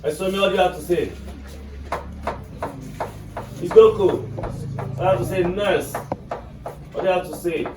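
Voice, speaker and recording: A man's voice: high-pitched, steady tone, moderate pace, pauses often. A man with a Nigerian accent teaching an English lesson to a class, quizzing students and checking "are you getting me". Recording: echoey classroom from far off with noise.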